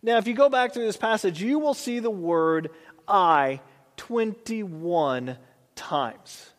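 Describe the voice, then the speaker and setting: A man preaching a sermon as pastor, reading scripture slowly and then building with rising emphasis. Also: sits high, expressive, in a large hall.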